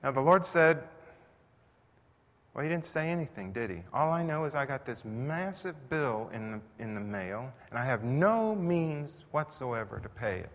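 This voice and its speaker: A man's voice: mid-range voice, sing-song, moderate pace, a bit bright. A man preaching a sermon in a conversational style that builds to intense emphasis. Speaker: pastor. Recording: long reverb, faint noise.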